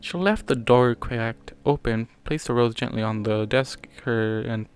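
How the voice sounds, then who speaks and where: A man reads a fan story aloud at an ordinary, middle pitch. His reading is plain, with small stumbles he corrects on the fly. Faint music runs behind him. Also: a little slow. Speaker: fanfiction reader.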